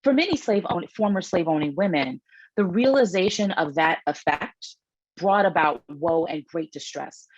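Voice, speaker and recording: During a public book talk, a middle-aged woman author reads her passages aloud, raising her pitch on the quotes and breaking off for asides amid frequent fillers and restarts. She sounds expressive and speaks at a normal speed. The lo-fi recording has no echo.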